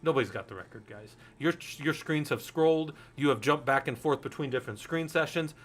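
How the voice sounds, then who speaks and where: In a relaxed technical lecture, a forty-something man covers Linux security frankly, cursing often and slipping into stories. He speaks a little fast, with a fairly high, fairly bright voice.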